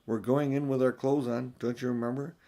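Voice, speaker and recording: An older man reading a storybook aloud, voicing an eager, excitable young boy in a raised voice. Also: mid-range voice, a little fast, natural voice.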